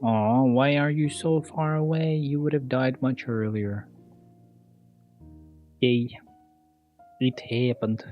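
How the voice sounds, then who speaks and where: A man's voice: medium pitch, steady tone, takes it slowly, pauses often, highs cut off, faint music behind. A young man from Albania, chatting casually and profanely with viewers while he plays. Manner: rambling, profane, answers chat between moves. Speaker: streamer. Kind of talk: casual gameplay chat with viewers.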